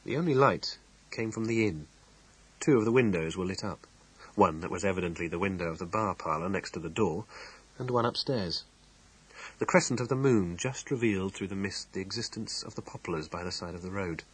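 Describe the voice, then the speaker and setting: A man narrating an audiobook in measured, expressive storytelling. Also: sits low, slightly rough, rough recording. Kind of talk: scripted narration.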